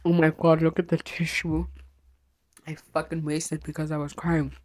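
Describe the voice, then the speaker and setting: Low-voiced young woman. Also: flat delivery, normal speed, a little mellow. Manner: blunt, swears freely, candid. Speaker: podcast host. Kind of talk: confessional solo podcast.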